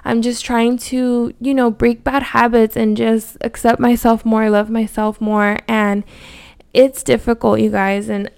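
A woman's voice: fairly high pitch, flat delivery, a little slow, creaky, darkish tone, clear, resonant tone. A woman in her thirties, a podcast host, talking candidly and from the heart in a personal monologue, full of fillers. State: voice cracking with emotion.

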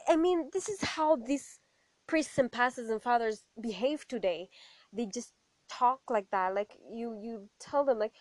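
A young adult woman giving a personal faith testimony in an animated storytelling way, acting out what other people said to her. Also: on the high side, measured pace, no room sound. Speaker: testimony speaker.

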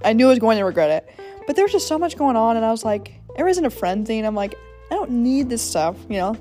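A young woman rattles through a personal story at a quick clip, her voice sitting a little high but mellow and soft-edged. She rambles casually, full of fillers and restarts. Faint music plays beneath her. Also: sing-song. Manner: rambling, chatty, with frequent fillers and self-corrections. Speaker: podcast host.

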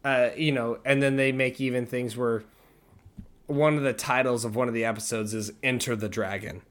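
A man's voice: mid-range voice, steady tone, normal speed, a bit bright. A man co-hosting a podcast, talking casually with a rambling, enthusiastic delivery full of fillers. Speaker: podcast co-host. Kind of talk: casual chat.

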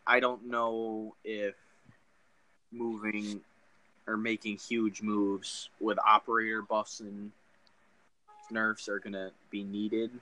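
Bright-voiced man chatting about gaming. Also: lowish voice, little pitch movement, rough recording. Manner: measured, hesitant with frequent ums. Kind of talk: casual gaming chat.

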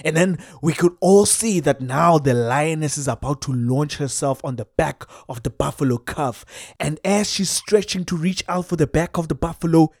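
A man with a South African accent telling a comic story in an animated way, dropping in Xhosa exclamations. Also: on the high side, no echo, studio quality.

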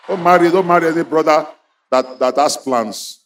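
A man preaching a fiery sermon, leading the crowd in call-and-response chants and bursting into shouts. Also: on the high side, moderate pace, slight background noise. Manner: exhorting, repetitive, bursts into shouts.

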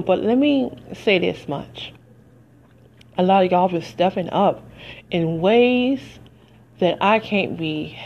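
A woman's voice: medium pitch, highs cut off. A woman hosting a podcast, speaking in earnest, preacherly commentary and fighting back tears. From United States. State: tearful. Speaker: podcast host. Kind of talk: emotional personal commentary.

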